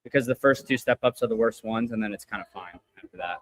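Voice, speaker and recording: A man's voice: fairly low pitch, fast talker, dry recording. A man speaking as a fitness coach guest on a casual live podcast, in an easygoing, chatty and teasing way.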